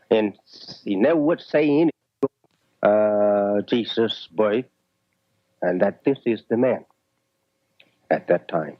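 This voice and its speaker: Low-voiced man in dull archive audio. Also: expressive, no echo. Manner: slow, measured, many pauses and "uh"s. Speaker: religious teacher. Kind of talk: sermon-like recollection.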